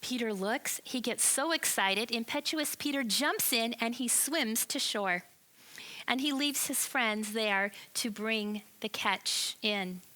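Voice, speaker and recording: A woman teaching a children's Bible lesson, telling the story in an animated way and asking the listeners questions. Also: on the high side, slow, rough recording.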